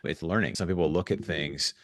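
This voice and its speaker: A man speaking as a guest in a podcast interview, telling stories in an animated way with frequent restarts. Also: low-pitched, no echo, clean studio sound. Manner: fast, animated storytelling with restarts. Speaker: guest investor.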